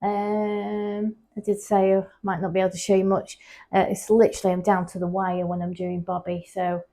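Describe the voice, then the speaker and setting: A woman's voice: little pitch movement, normal speed, mellow. A woman, a pet groomer chatting casually through a vlog as she explains her work. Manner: chatty, explanatory, talks to the dog in a high coaxing voice. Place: grooming salon, indoors.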